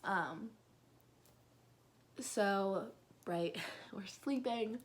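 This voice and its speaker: A young woman telling a personal story in a casual, rambling vlog, now and then dropping to a whisper. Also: medium pitch. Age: young adult. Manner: slow, rambling, drops into whispers and laughs.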